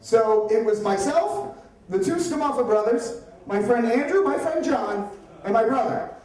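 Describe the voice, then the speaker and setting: A man from the Upper Darby area telling a comic, profane story at a live story slam, chatty and animated. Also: very high-pitched, measured pace. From Upper Darby, Pennsylvania area. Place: stage at a live storytelling event. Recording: echoey room, voice from far off.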